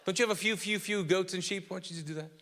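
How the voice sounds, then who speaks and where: A man's voice: high-pitched, racing, sharp tone, in a large hall. A man voicing an angry older brother who scolds and mocks his younger sibling. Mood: scolding. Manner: scolding, mocking.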